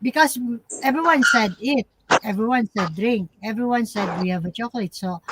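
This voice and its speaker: A middle-aged woman from the Philippines with a Filipino accent, hosting a casual live-stream chat in halting English full of restarts and fillers. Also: on the high side, very noisy.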